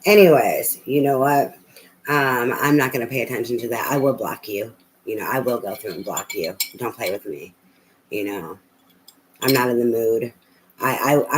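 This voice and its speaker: A woman's voice: a bass voice, animated, moderate pace, a little hiss or hum, rough recording. A woman tarot reader on a live reading, talking bluntly and profanely in a rambling, ranting way with many fillers.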